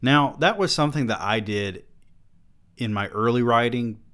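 A man's voice: medium pitch, normal speed, a bit bright. A young man reads his own early novel aloud and mocks it with sarcastic, swearing commentary.

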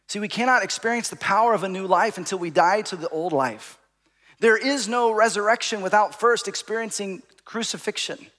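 A man preaching a sermon, telling a personal story, at times calling out loudly and at times dropping to a hush. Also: high voice, in a large hall. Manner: storytelling, rising to shouts and dropping to hushed asides. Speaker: pastor.

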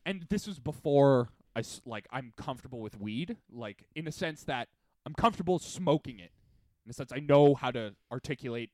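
A man's voice: mid-range voice, no room sound, clean studio sound. A young man co-hosting a podcast, telling stories in a casual chat and acting out his friends' lines. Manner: animated storytelling, acts out friends' lines. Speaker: podcast co-host.

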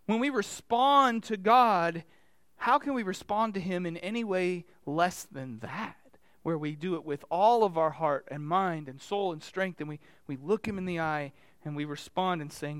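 A man's voice: sits high, animated, normal speed, fairly bright tone, smooth, no echo. Man preaching a conversational sermon. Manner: conversational, asks the congregation direct questions. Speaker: pastor.

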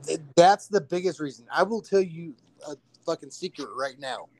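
A man co-hosting a podcast, talking in a casual, animated way and swearing freely. He acts out little quotes as he tells his stories, and his voice sits a bit higher than most men's. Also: normal speed, no room sound. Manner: animated, profane storytelling with acted-out quotes. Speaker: podcast co-host.

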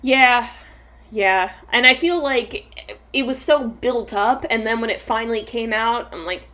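A woman's voice: fairly high pitch, measured pace, sharp tone. Chatty, laughing woman podcast co-host. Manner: chatty, laughs often, trails off and restarts. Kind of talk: casual chat.

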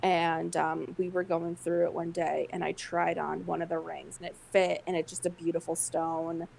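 A woman co-host chats casually, her voice low and gravelly, full of "um" and "like". A faint hiss sits under the recording. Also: flat delivery, normal speed, a little mellow, rough recording. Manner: chatty, many fillers. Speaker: podcast co-host. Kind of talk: casual chat.

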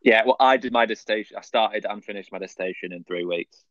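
Brief: man, 20s, low voice, halting casual talker, dry muffled recording. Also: a bit bright, no room sound. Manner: halting, repeats words. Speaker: podcast co-host. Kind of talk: casual chat.

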